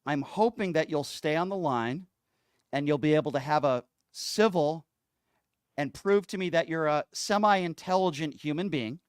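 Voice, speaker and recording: A man's voice: on the high side, moderate pace, clear, resonant tone, no room sound. A man hosts a call-in radio show from a studio. His voice is resonant and clean, recorded close and dry. He sounds combative and sarcastic when a caller tries to prank him.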